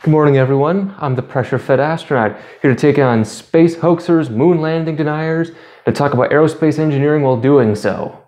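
A man hosting his own channel, delivering a commentary monologue with sarcastic, deadpan asides. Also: a little high, brisk. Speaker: YouTube channel host.

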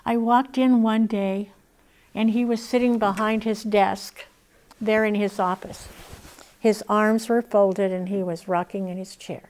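An older woman speaks in an earnest, heartfelt way as she shares her testimony. Her voice sits in an ordinary middle pitch, and she tells her story plainly and directly. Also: fairly even intonation, unhurried, darkish tone. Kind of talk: personal testimony talk.

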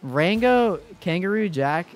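A man in his twenties chats casually with viewers while live-streaming a game, addressing his chat directly and swearing freely. His voice is high and animated, he takes it slowly, and there's a little hiss or hum.

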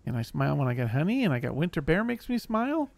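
A man voicing a gentle, simple-minded male barbarian warrior who talks slowly and formally, never using contractions, in a live game roleplay. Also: on the high side, very animated, creaky, no room sound, pitched below the performer's own voice. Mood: earnest. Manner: speaks without contractions, childlike and earnest. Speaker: streamer.

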